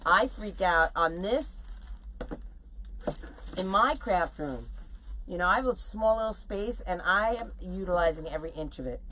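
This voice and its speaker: A middle-aged woman with a fairly low voice chats to her viewers as she makes a wreath bow on a live stream. She is animated and casual, talking to them the whole time she works. A faint hiss of noise sits under the recording. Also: measured pace, long pauses. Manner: chatty, animated, talks to viewers while working. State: sore legs from standing. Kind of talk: casual chat while crafting on a live video.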